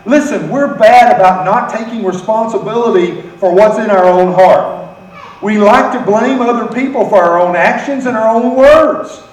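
Captured from afar in an echoing space, a pastor from the United States leads his congregation in repeating phrases during his sermon. This American man's voice is high-pitched, and his pace is moderate.

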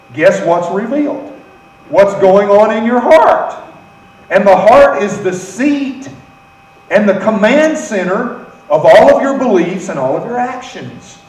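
A man's voice: high voice, darkish tone. An American man preaching a sermon as pastor, having the congregation repeat phrases after him. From United States. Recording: echoey room, mic from far off.

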